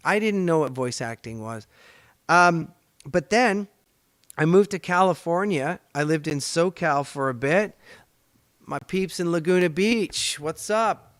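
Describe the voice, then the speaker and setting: A middle-aged man from Canada chats and rambles with animated energy as host of his own show. His voice is smooth and fairly high for a man. The sound is close and dry. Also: a little slow, dry recording. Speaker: podcast host and voice actor. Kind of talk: casual storytelling chat.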